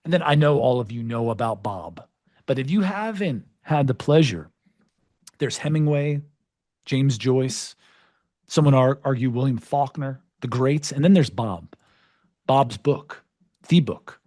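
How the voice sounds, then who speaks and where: A man hosting a podcast and presenting with an energetic, joking delivery, full of playful, self-mocking asides. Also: medium pitch, unhurried, long pauses, dry recording, studio quality. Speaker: podcast host.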